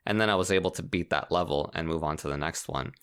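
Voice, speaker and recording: A man co-hosting a casual podcast, explaining a game in an animated way and laughing often. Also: sits low, fast talker, clean tone. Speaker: podcast co-host. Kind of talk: casual chat about video games.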